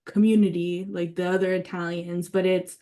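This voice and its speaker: A woman's voice: lowish voice, level tone, moderate pace, mellow. A woman leading a writing workshop, talking enthusiastically and thinking aloud with many fillers and restarts. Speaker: workshop leader.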